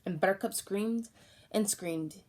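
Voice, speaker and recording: This is a woman reading a storybook aloud at a middle pitch. Her narration is calm and steady. She slips into voices for the characters as she goes. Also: measured pace. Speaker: audiobook reader.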